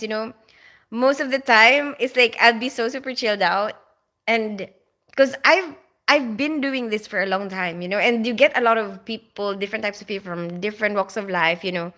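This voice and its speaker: Bright-voiced chatty woman live-streaming. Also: on the high side, moderate pace. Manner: chatty and rambling, laughs often, many fillers. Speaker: livestream host reading viewer chat. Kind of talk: casual live-stream chat.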